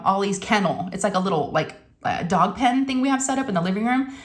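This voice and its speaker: Chatty woman with a raised voice. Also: fairly high pitch. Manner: chatty, animated, full of "I'm like". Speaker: crafting vlogger. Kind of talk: casual storytelling vlog.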